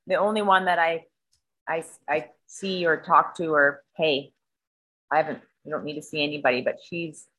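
A woman's voice: fairly low pitch, a bit bright, rough recording. A woman in casual conversation, talking earnestly and often restarting her sentences. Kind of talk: casual chat.

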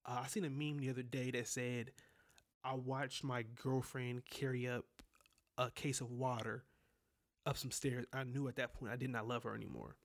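Young male podcast host, candid storytelling monologue, frequent cursing, middle pitch. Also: flat delivery, normal speed. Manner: candid, profane, talks straight to listeners. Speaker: podcast host telling personal stories.

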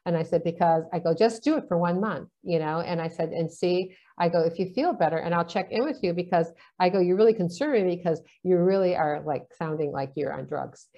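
A woman's voice: on the low side, brisk, hardly any pauses, mellow. A woman in casual conversation, chatty, telling stories and acting out the dialogue in them. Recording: dull lo-fi sound.

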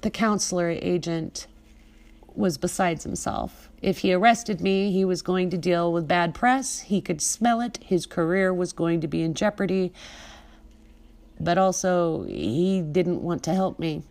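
A middle-aged woman narrating her own memoir with intensity, building to loud, emphatic outbursts. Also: lowish voice, a little slow. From United States. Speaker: memoir narrator and podcast host. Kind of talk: dramatic memoir reading.

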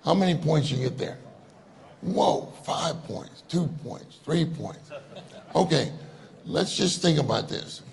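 A man's voice: a little high, lively intonation, slow pace, vocal fry. A man giving a conversational sermon, joking and laughing with the audience as he asks them questions. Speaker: conference speaker.

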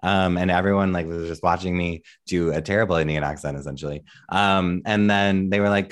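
Deep-voiced male guest. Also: fairly even intonation, a little fast, few pauses. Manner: earnest, self-deprecating storyteller. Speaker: podcast guest, musician and actor. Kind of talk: casual interview chat.

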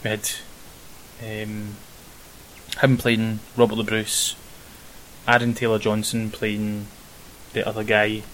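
A young Scottish man chatting casually about a film as a podcast co-host, rambling with many pauses and ums. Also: lowish voice, completely flat delivery, a bit bright, poor audio. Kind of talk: casual film review chat. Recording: faint hiss.

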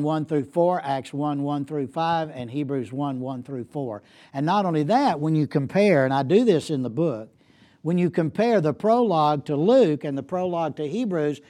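A man's voice: on the high side, warm tone. A man giving an academic lecture as a guest speaker, emphatic and repeating key points for effect. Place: lecture hall.

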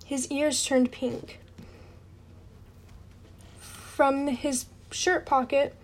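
A woman with a high, light voice reads a novel aloud at home at a slow, careful pace. Her reading is unpolished, with restarts and quick apologies when she trips over a word. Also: little pitch movement. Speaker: reader. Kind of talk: amateur audiobook reading.

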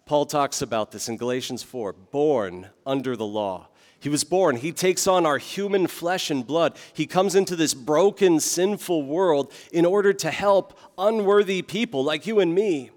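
A man's voice: on the high side, animated, a little slow, a little mellow, in a large hall. A man preaching a sermon as pastor, earnest and direct, with rhetorical questions to the congregation.

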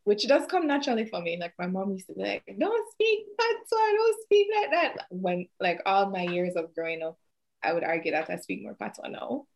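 A woman's voice: on the low side, brisk, creaky. A woman with a Jamaican accent hosting a casual podcast chat, laughing often and slipping into patois. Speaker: podcast host.

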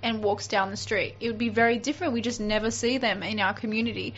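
A woman's voice: fairly high pitch, steady tone, fast talker, a bit bright. A young woman co-hosting a podcast, telling stories in a chatty, laughing way. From Australia. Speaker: podcast co-host. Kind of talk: casual chat. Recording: dull lo-fi sound.

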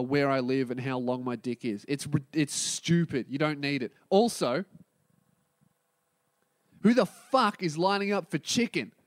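Swearing Australian man ranting, high voice. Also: dry recording, clean studio sound. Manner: ranting, swearing, mimicking others in quick asides. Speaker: podcast host. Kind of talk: profane comedic rant.

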